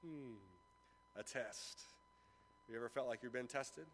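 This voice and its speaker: A man's voice: mid-range voice, unhurried, a bit bright, slight background noise. A man giving a sermon as a pastor, telling a story with acted-out dialogue before turning to scripture. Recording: long reverb of a large room.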